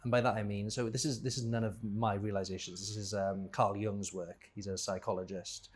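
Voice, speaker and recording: A man with a low, husky voice talks as a podcast guest. His delivery rambles and meanders, with frequent restarts and self-corrections. The tone stays loose and conversational throughout. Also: flat delivery, a little fast. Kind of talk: casual conversation.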